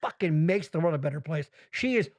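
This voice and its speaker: High-voiced man, rambling and profane. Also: a little fast. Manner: rambling, profane, animated storytelling with put-on voices. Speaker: podcast host. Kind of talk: casual chat.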